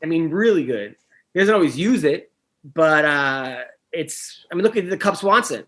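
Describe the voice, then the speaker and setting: A man who coaches wrestling, co-hosting a casual podcast chat in a rambling way that gets animated when he is annoyed. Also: fairly high pitch, moderate pace. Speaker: podcast co-host.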